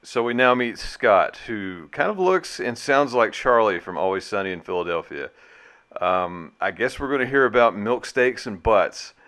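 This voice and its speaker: Guy cohost w a smooth bright voice, dry jokey reactions. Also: on the low side, lively intonation, normal speed. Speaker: reaction video co-host. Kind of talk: casual commentary.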